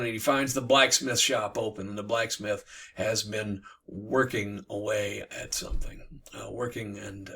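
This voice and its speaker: Playful lit teacher retelling a classic, bright voice, kinda far from mic. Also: male voice, fairly low pitch, gravelly, husky. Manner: animated, playful, with fillers. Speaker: literature teacher. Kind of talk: lively retelling of a classic tale.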